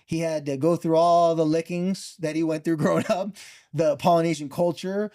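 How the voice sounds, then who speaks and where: A man and former football player telling a personal story in an animated, heartfelt way. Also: a little high, smooth. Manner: animated, heartfelt, fast bursts. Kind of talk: emotional storytelling.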